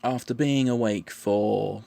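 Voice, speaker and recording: A man explaining his answers in a measured, patient monologue, often restarting his phrases. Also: fairly low pitch, vocal fry, dark tone, no room sound. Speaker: vlogger answering questions.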